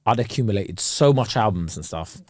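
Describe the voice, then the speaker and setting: A young man co-hosting a casual podcast chat, slangy and quick to laugh. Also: fairly low pitch, no room sound, clean studio sound. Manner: animated, slangy, laughs often. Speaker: podcast co-host.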